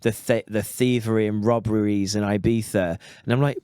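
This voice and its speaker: A man with a low voice chats on a podcast, cynical and sweary, dropping quick asides. The sound is dry and close. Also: fairly even intonation, warm tone, clear, resonant tone, dry recording. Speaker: podcast co-host. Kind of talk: casual chat.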